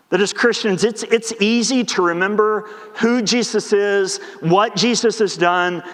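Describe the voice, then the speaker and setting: A man preaching a sermon as pastor, conversational, acting out the disciples in quick asides. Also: high-pitched, fairly bright tone. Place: church sanctuary. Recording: long church hall reverb.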